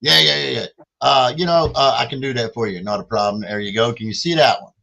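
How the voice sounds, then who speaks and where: A man's voice: mid-range voice, fast talker, creaky, pushed and bright, poor audio. A man, co-hosting a livestream and hyping donations, repeating phrases and calling himself in the third person. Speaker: podcast co-host. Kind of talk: lively livestream fundraising chat.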